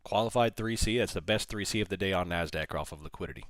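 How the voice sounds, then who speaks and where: Deep-voiced man calling live trades. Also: fast talker, dry recording. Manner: chatty, calls price levels, answers chat questions. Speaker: livestream day-trading host. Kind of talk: live market commentary. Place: small studio.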